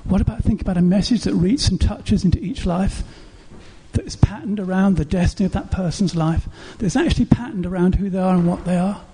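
A man's voice: high-pitched, fast talker, warm tone, slight background noise. A male pastor preaching a sermon, building his points through repeated rhetorical questions in an earnest, urging way.

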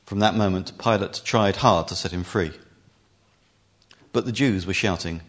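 A man reading a scripture passage aloud as scripted narration, in clear, even storytelling. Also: fairly low pitch, normal speed. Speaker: reader.

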